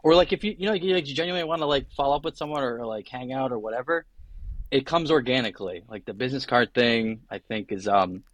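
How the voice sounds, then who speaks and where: A man's voice: medium pitch, expressive, fast talker, no echo. A young adult man, a guest attorney, talking casually on a podcast, chatty and full of tangents and acted-out quotes.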